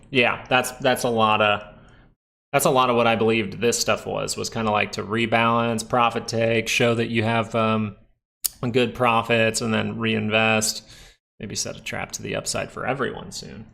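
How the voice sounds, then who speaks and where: Gravelly young man chatting markets live. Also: mid-range voice, pushed and bright. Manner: chatty, jokey, talks straight to the chat. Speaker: stock market livestream host. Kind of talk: casual live-stream market commentary.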